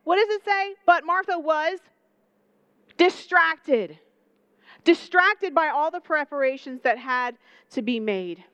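Young woman preacher, high voice, dry and close, chatty and animated delivery with lots of questions to the crowd. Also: takes it slowly, long pauses, no room sound, muffled recording. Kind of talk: sermon.

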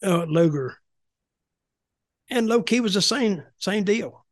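A man's voice: high voice, expressive, takes it slowly, dry recording, clean studio sound. An older man telling blunt, rambling stories in casual podcast chat, often repeating himself. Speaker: podcast guest, former wrestling executive.

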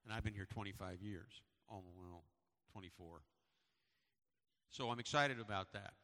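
A man's voice: on the low side, moderate pace, pushed and bright. A middle-aged man, a pastor, giving a sermon and church announcements in a conversational, storytelling way with repetitions. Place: church sanctuary. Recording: long hall reverb.

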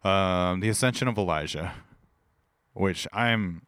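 Laid-back low-voiced podcast co-host man. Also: a little slow, fairly bright tone, no echo, clean studio sound. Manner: laid-back, lots of "like" and "dude", laughs easily. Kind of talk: casual chat.

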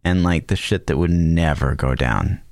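A man's voice: rumbling low, moderate pace, darkish tone, no room sound, studio quality. A man co-hosting a podcast, reacting with teasing, wry remarks in a casual chat. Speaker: podcast co-host.

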